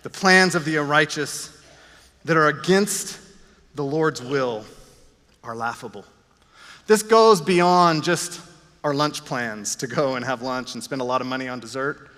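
A man's voice: medium pitch, measured pace, sharp tone, in a large hall. A man preaching a sermon, earnest with self-deprecating asides. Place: church.

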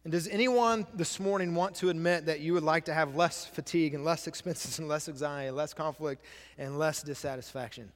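A male pastor delivers a sermon in a church sanctuary, repeating key phrases and putting questions to the congregation. His voice sits on the high side, his pace is brisk, and the sound carries a big-room quality.

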